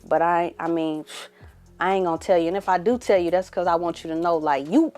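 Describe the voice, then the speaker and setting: A young adult woman hosting her own podcast, talking candidly to the camera and sometimes dropping to a hushed murmur. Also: on the low side, steady tone, moderate pace, soft background music. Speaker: podcast host. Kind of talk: casual emotional monologue to camera.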